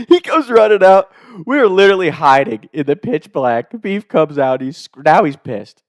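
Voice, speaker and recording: Brief: young man, casual storyteller, lively and laughing, dry close sound. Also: on the high side, a little slow, dry recording. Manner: animated, laughs often, profane.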